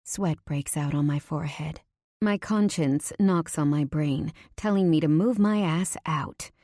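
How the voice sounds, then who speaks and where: Low mellow woman reading a romance audiobook, intimate, whispery bits, dry close sound. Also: unhurried, no room sound. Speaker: audiobook narrator. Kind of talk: first-person romance audiobook narration.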